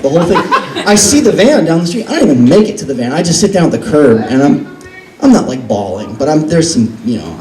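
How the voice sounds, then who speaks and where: Animated self-mocking male storyteller. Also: on the high side. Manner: animated, self-deprecating, profane. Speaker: author reading from his book. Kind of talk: live comedic storytelling. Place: record store reading event. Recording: roomy echo, distant mic.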